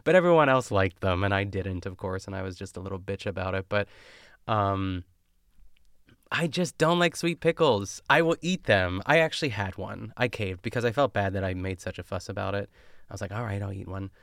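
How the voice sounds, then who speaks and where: A young man hosts a casual podcast, rambling happily through a cooking show recap. His voice sits low with a gravelly edge yet stays smooth and resonant. The sound is close and dry. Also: animated, moderate pace, fairly bright tone, no room sound. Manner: chatty and rambling, full of fillers and tangents. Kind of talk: casual chat.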